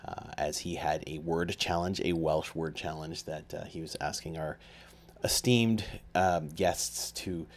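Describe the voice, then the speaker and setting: A man hosting a podcast, opening the episode in a relaxed way with many pauses and fillers. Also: extremely low pitch. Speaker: podcast host. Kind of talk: podcast intro.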